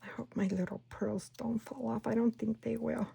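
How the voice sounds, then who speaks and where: A woman hosting a casual crafting tutorial at home, chatting and talking herself through each step, sometimes dropping to a soft whisper. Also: fairly high pitch, steady tone, moderate pace, creaky, slightly rough. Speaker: craft channel host.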